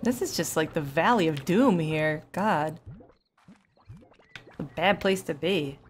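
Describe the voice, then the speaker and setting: A woman's voice: sits low, slow pace, soft background music. Chatty woman streamer swearing as she plays. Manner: chatty, animated storytelling with frequent swearing. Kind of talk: casual gameplay commentary.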